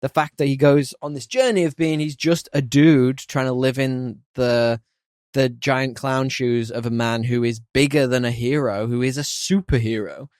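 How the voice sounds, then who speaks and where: A man hosting a podcast, chatting casually and opinionatedly about a film, animated and quick to laugh. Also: mid-range voice, no echo, clean studio sound. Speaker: podcast host. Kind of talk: casual film review chat.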